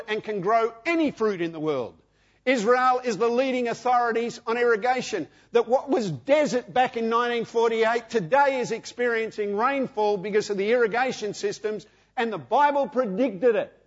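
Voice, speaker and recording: A man in his sixties with an Australian accent, preaching a sermon emphatically, repeating phrases and asking the congregation questions. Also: high voice. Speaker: pastor. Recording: dull lo-fi sound.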